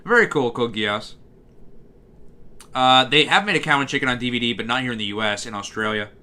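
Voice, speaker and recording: Brief: live streamer, bright tone, loose rambling chat to viewers, lots of false starts. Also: male voice, medium pitch, fairly quick. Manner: rambling, reading chat aloud, many fillers and restarts.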